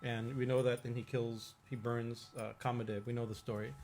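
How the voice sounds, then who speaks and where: A man's voice: mid-range voice, flat delivery, a little fast, a little mellow, a little hiss or hum. A man, a swami giving an informal religious discourse, telling stories in a chatty way with frequent laughs and restarts. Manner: chatty storytelling, laughs often, many restarts. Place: temple hall.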